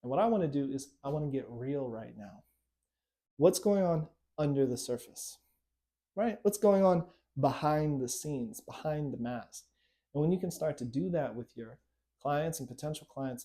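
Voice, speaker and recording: Man, hypnosis coach, mellow warm voice, casual teaching talk, keeps checking in with the listener. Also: medium pitch. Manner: conversational, repeating tag questions like right and okay. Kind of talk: instructional talk to camera.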